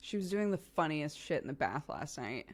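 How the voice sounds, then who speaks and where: A young woman streamer in casual chat, relaxed and giggly, rambling with lots of fillers. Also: sits low, moderate pace.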